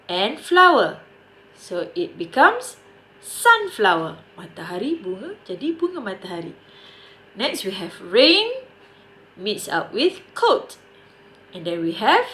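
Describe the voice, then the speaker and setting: Malaysian lady teacher, slow and lively, hits the key words hard, mixes in some malay. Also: a little high. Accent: Malaysian English. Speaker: primary school English teacher. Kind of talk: online grammar lesson.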